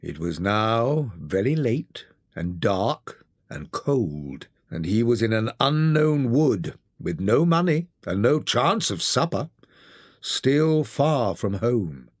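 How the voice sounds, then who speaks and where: Slow, highly expressive audiobook narrator. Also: slightly rough, no echo, clean studio sound. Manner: expressive, theatrical reading. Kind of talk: scripted storybook narration.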